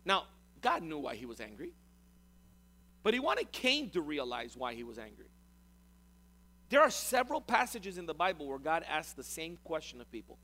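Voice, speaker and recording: Male pastor, high lively voice, conversational sermon delivery. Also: fairly quick. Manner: animated, repeats words, addresses congregation.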